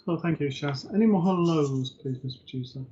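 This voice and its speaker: A man's voice: fairly high pitch, lively intonation, a little fast, mellow, a little hiss or hum. Male co-host, brief plain greetings, reads out viewer names, muffled lo-fi audio. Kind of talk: live-stream co-hosting. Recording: dull lo-fi sound.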